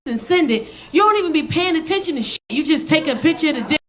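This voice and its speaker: A woman in her forties doing a stand-up set, telling stories in a brash, profane, animated way into a handheld stage mic. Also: sits high, fast talker, noisy background. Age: 40s. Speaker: stand-up comedian.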